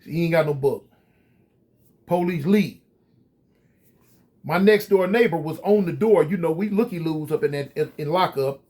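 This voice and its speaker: A man casually telling a story straight to his viewers, animated and full of slang. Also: on the high side, normal speed, pauses often. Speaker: storyteller recounting prison life.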